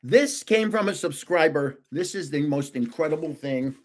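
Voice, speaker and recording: A man's voice: a little high, animated, normal speed. An older man hosting a casual livestream, rambling through anecdotes and chuckling often between sentences. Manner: rambling anecdotes told with self-corrections. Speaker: host of a trading card livestream. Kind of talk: casual livestream chat with storytelling.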